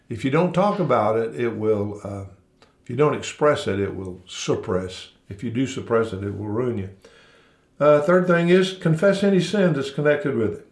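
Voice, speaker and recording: A man's voice: medium pitch, roomy sound. A man preaching a sermon, talking conversationally with frequent restarts and repeated words. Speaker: pastor.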